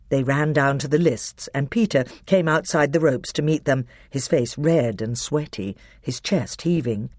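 A woman reading a storybook aloud as narrator, with expressive storytelling. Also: rumbling low, moderate pace, no echo, studio quality. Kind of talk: audiobook narration.

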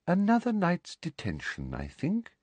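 A man voicing a sugary, menacing middle-aged woman official who speaks softly and with cold politeness. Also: medium pitch, huge pitch swings, normal speed, slightly rough, dry recording, pitched above the performer's own voice. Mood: soft menace. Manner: soft, prim, coldly polite.

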